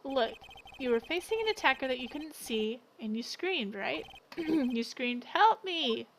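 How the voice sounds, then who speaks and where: A woman's voice: high voice, expressive, unhurried, a little hiss or hum. A woman voicing a young male defense lawyer who questions a witness pointedly, reading a game aloud. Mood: pressing. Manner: questioning, probing. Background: game music.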